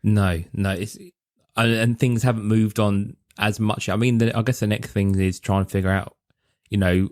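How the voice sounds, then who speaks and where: A man with a lowish voice co-hosts a podcast in an easygoing way, thinking aloud with plenty of ums and you-knows. His voice sounds close and dry, with no room echo. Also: level tone, moderate pace, darkish tone. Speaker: podcast co-host. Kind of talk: casual chat.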